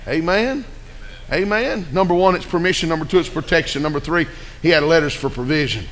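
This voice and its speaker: A man's voice: a little high, brisk, a bit bright. A male preacher, delivering a folksy, story-driven sermon and calling out for amens. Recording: echoey hall reverb.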